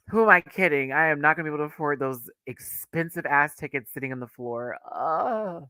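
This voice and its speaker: Excitable male streamer, bright and animated, gushing fan chat, dry close sound. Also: a little high, normal speed, no room sound. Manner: excitable, gushing, laughs often. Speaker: livestream host.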